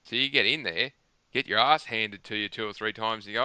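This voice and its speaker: A man's voice: lowish voice, a little fast, sharp tone, smooth, dry recording. A man talking at length on a gaming podcast, rambling and emphatic, restarting his sentences often. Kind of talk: casual chat.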